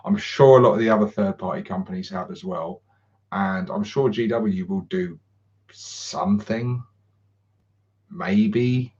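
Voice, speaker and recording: Low-voiced man rambling on a stream. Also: darkish tone, muffled recording. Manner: rambling, swears freely, many ums, chuckles. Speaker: channel host. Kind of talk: casual livestream chat.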